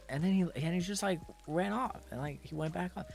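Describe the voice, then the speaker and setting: A man's voice: quick pace, gravelly, few pauses, soft background music. A man chatting casually on stream, telling a story with lots of laughter and acted-out quotes. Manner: animated storytelling, bursts into high laughter, acts out quotes. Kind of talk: casual chat.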